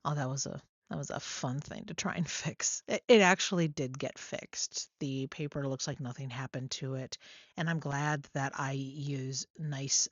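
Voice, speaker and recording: A woman art vlogger narrating in a calm voice-over, explaining her process with a few small restarts. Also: rumbling low, no room sound, muffled recording.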